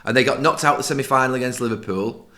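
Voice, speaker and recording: A man's voice: mid-range voice, quick pace, bright, forceful tone. A middle-aged man, co-hosting a football podcast, explaining tactics firmly and at length. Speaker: podcast co-host, football pundit. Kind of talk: casual football discussion.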